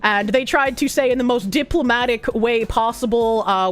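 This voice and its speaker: High-voiced woman with a Boston accent. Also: moderate pace, hardly any pauses, faint music behind. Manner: blunt, swears a lot, laughs often. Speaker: streamer. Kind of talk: casual stream chat.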